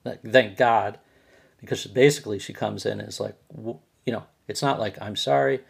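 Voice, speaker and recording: A man's voice: lowish voice, steady tone, brisk, creaky, breathy edge. A man hosting his own show, telling a personal grievance story in a rambling way, with many restarts and repeated words. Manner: agitated, complaining. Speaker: podcast host.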